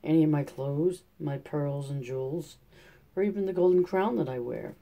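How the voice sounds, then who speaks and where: A man's voice: fairly high pitch, moderate pace, gravelly, dark tone. A man reading a storybook aloud, voicing a spoiled young princess with a raised, eager and pleading delivery.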